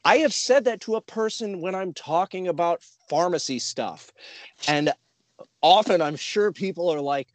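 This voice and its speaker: A man's voice: high voice, moderate pace, slight background noise. A man co-hosting a podcast, telling stories in casual chat and acting out what people said. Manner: animated storyteller who acts out quotes. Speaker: podcast co-host.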